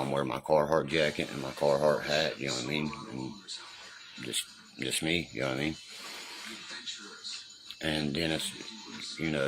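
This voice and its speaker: A man's voice: very deep voice, poor audio. A man telling a story in a casual, agitated way, swearing constantly. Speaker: storyteller on a live stream.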